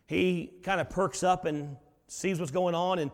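Casting: male pastor with a high voice, dramatic storyteller, heard in a big echoing sanctuary. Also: fairly even intonation, unhurried. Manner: dramatic storytelling, swinging between soft and loud. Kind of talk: sermon. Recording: long reverb of a large hall.

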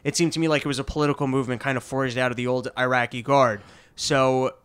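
A man's voice: mid-range voice, fairly even intonation, quick pace, a bit bright, clean tone. A man co-hosting a casual talk show, rambling and profane, full of filler and restarts. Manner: rambling, profane, slips into jokey put-on voices. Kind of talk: casual chat.

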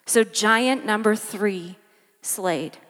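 Slow, emphatic woman preaching in a hall. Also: mid-range voice, a bit bright. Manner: dramatic pauses and repetition for emphasis. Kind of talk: sermon.

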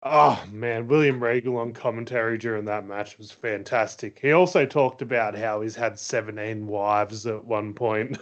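A man's voice: on the low side, unhurried. Aussie guy gushing about wrestling, laughs a lot, kinda dull lo-fi sound. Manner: excitable, laughs often. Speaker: podcast co-host. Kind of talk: casual wrestling podcast chat.

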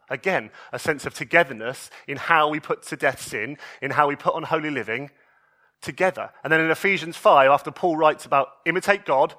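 A man's voice: on the high side, sharp tone. A man in his thirties, a pastor delivering an earnest, pleading sermon and often restarting his phrases.

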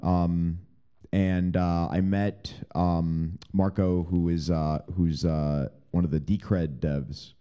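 Low, mellow-voiced rambling man. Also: level tone, slow, clean tone. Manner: rambling, hesitant, many fillers and restarts. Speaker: podcast co-host. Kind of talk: casual chat.

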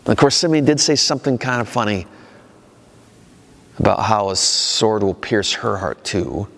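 A male pastor preaching a sermon in a conversational way, his pitch rising and falling for emphasis. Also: animated, normal speed, gravelly, a bit bright, big-room sound.

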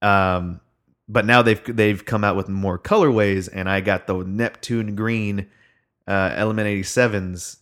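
A man's voice: on the low side, fairly even intonation, unhurried, a bit bright. A young man in casual chat, telling a long rambling story with lots of fillers and swearing.

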